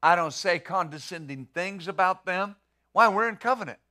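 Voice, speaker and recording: Middle-aged male pastor, bright and forceful, a bit high, talks his sermon like a chat and repeats words. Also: lively intonation, moderate pace. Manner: conversational preaching with rhetorical questions.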